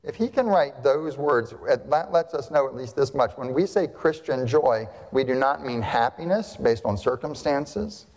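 A man's voice: mid-range voice, lively intonation, a little slow, few pauses, darkish tone. A male pastor delivering a sermon to his congregation, emphatic, with rhetorical questions and repeated phrases. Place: church sanctuary. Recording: long hall reverb.

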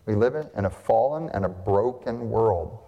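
A man's voice: on the low side, lively intonation, normal speed, warm tone, dull audio. Man preaching in a reverberant church. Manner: emphatic preaching with rhetorical questions. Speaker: pastor. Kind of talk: sermon. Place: church sanctuary. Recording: long hall reverb.

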